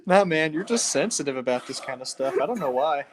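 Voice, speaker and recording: A man's voice: on the high side, expressive, fairly quick, background noise. A man co-hosting a casual podcast, reading aloud and bantering in a mock-defensive way. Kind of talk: casual joking group reading.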